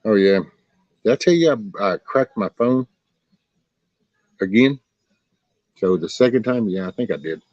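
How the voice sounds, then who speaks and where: A man's voice: on the low side, expressive, unhurried, long pauses, dry recording, muffled recording. A middle-aged man hosting a casual livestream, talking in a folksy, profane, ranting way. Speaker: livestream host. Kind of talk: casual rambling livestream chat.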